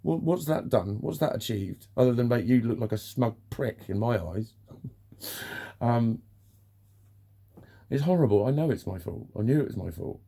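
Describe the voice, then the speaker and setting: A man's voice: mid-range voice, expressive, moderate pace, creaky, long pauses, warm tone. A man venting in a ranting personal vlog, swearing often and sounding exasperated. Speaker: vlogger.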